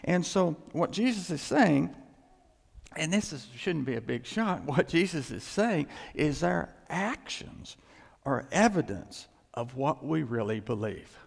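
A male pastor preaching a sermon in an emphatic way, climbing in pitch and loudness to stress his points. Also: sing-song, measured pace, creaky, husky. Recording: long reverb in a large hall.

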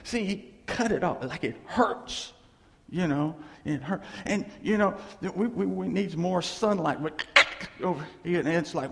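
A man preaching a sermon in a church, animated and laughing, acting out voices as he tells stories. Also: fairly high pitch, measured pace, creaky. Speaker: pastor. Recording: echoey hall reverb.

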